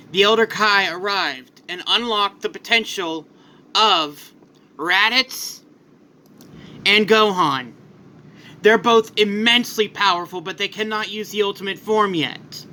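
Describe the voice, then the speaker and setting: A man's voice: high-pitched, bright, forceful tone. A man casually narrating a fan-made what-if story, loose and rambling with restarts.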